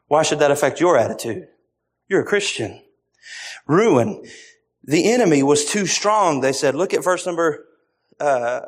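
A man preaching a sermon, repeating phrases and briefly acting out the voices of others. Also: a little high.

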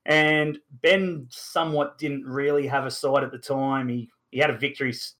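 A man's voice: medium pitch, fairly even intonation, normal speed, a bit bright. An Australian man in his thirties hosting a casual sports podcast, rambling with lots of fillers and the odd mild swear. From Newcastle, Australia. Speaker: podcast host.

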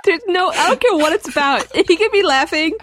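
A woman's voice: very high voice, expressive, a little fast, a bit bright, a little hiss or hum. A woman co-hosting a podcast and running a trivia game, giggly and teasing in casual chat.

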